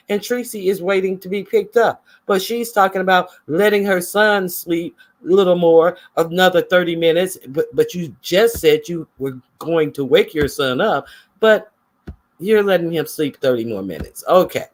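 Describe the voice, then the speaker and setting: A man's voice: on the high side, unhurried. A man giving casual, gossipy livestream commentary and chatting with his viewers.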